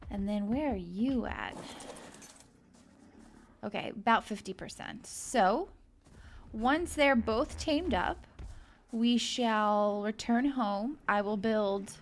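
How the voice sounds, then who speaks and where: Slow-talking young woman streamer, chatty. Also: fairly high pitch, slight background noise. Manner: chatty, coos and gushes over the creature. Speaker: gaming video host. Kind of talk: casual let's-play commentary.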